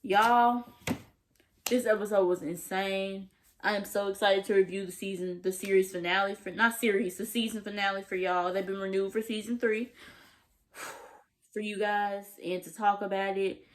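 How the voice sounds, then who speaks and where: A woman's voice: mid-range voice, steady tone, normal speed. A young woman vlogger recapping a TV episode in a gushing, slangy way, acting out the characters' lines as she goes. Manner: gushing, slangy, acts out quotes. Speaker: TV review vlogger. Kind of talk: animated casual recap.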